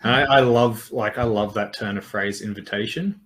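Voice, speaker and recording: A man's voice: lowish voice, moderate pace, a bit bright, a little hiss or hum. Enthusiastic male interview host. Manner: enthusiastic, rambling questions. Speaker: podcast host. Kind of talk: interview conversation.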